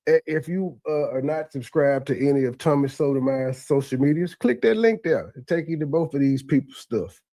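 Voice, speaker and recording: Guy with aave breaking down a clip, kinda high voice, lots of stutter restarts, dry mic. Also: moderate pace, hardly any pauses, mellow, no echo. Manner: repetitive stammering restarts, conversational. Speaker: commentary host reacting to a replayed clip. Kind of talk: casual reaction commentary.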